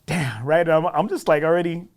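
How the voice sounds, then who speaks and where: Man, podcast guest, casual storytelling, animated, self-deprecating, slightly high pitch. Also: moderate pace. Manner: animated, self-deprecating, often adds "right?".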